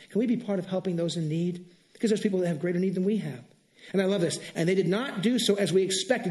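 A middle-aged male pastor preaching a sermon, telling stories in an animated way and laughing. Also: high voice. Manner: animated storytelling, exclaims and laughs.

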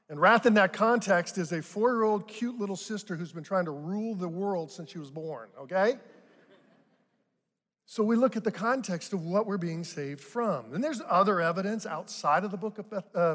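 An older male pastor delivers a sermon in a fairly high voice, talking to the congregation in a chatty way and pushing up into emphatic bursts on key points. His words ring out with a long reverb through a large church hall. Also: fairly quick. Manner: conversational preaching with rising emphatic bursts.

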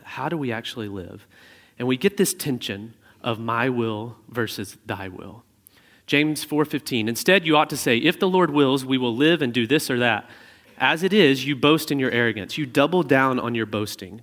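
Man preaching in a reverberant hall. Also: medium pitch. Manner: conversational preaching with animated storytelling asides. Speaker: pastor. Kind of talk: sermon.

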